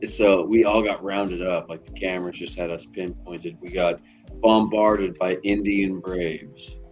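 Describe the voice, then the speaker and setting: Deep voiced middle-aged guy from tennessee cussing thru a rambling story, faint music behind. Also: takes it slowly, husky, low-quality recording. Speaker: delivery driver streamer. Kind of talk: casual chat while driving.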